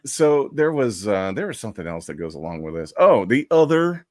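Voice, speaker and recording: A man's voice: on the low side, big pitch swings, a little fast, a little mellow, dry recording. A man co-hosting a live stream in casual chat, with dry sarcastic remarks.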